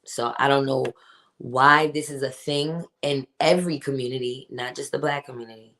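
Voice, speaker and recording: A woman with an unusually deep voice hosts a casual livestream. She talks in a chatty, emphatic way and greets chat viewers by name as she goes. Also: fairly even intonation, normal speed, fairly bright tone. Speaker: podcast host reading live chat.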